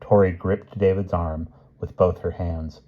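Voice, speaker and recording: A man calmly reading a novel chapter aloud. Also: sits low, a little slow, narrow, tinny audio. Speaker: reader.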